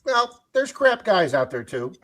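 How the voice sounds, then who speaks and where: A man's voice: high voice, very animated, a little slow, a bit bright. A man co-hosting a casual live stream, chatting, telling stories and reading viewer comments aloud.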